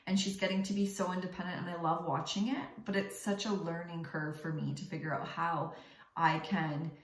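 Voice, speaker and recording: A young woman and mother giving earnest, direct advice in casual talk, with many fillers and restarts. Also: fairly low pitch. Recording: echoey room.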